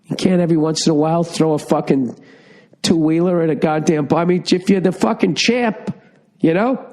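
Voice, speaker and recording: A man's voice: fairly high pitch, brisk, darkish tone. A middle-aged man hosting a podcast, ranting sarcastically through a profane comedic monologue. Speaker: podcast host.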